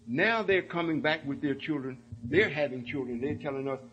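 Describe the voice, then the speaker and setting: A man's voice: fairly high pitch, moderate pace, a bit bright, dull audio. A man giving an emphatic sermon-style talk to his followers, often checking that they understand. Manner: emphatic, keeps asking "you see?". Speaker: religious speaker.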